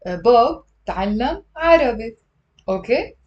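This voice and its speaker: A woman teaching a live-streamed language lesson, patiently repeating words slowly for her learners. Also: a little high, animated, dull audio. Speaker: Lebanese Arabic teacher. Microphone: livestream camera mic.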